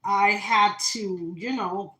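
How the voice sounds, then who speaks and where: Bright-voiced tarot reader live-streaming. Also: female voice, mid-range voice, fairly even intonation, takes it slowly, echoey room, poor audio. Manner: dramatic, spiritual, talks to viewers, many fillers.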